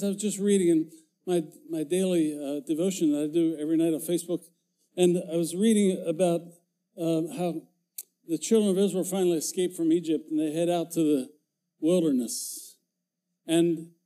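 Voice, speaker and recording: An older former pastor, speaking as a guest preacher in a church sanctuary, delivers a folksy sermon full of jokes that grows more emphatic as he goes. His voice is high and mellow, at a normal speed.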